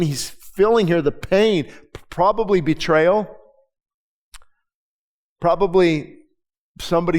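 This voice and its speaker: Man preaching a conversational sermon. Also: a little high. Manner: reads scripture slowly, then explains in quick conversational asides. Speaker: pastor. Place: church.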